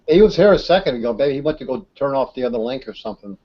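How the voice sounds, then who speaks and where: A man's voice: mid-range voice, animated, rapid-fire, dull audio, slight background noise. A man in a group video call, chatting in an easygoing, joking way. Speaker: discussion group member. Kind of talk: casual chat on a video call.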